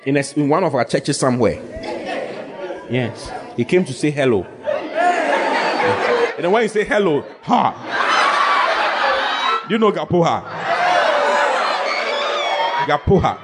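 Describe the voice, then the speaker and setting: A male pastor preaching a humorous sermon, animated, joking and laughing as he talks. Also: a little high, heavy background noise. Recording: live with congregation heard.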